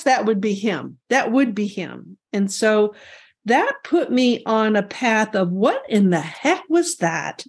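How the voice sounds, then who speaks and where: An older woman from California, a guest energy healer, telling her story in an animated, chatty way over a remote call. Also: mid-range voice, a little slow, slightly rough. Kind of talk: storytelling interview.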